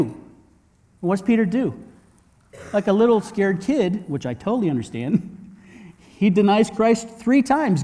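A long reverb tail trails this pastor's slightly high, dark voice. Preaching in a conversational style, he questions the congregation rhetorically and keeps repeating words as he starts over.

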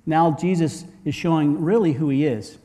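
A man's voice: fairly high pitch, normal speed, warm tone, big-room sound. A man preaching a sermon in a conversational way, asking the congregation rhetorical questions and often repeating words as he restarts. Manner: frequent word repeats and restarts. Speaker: pastor.

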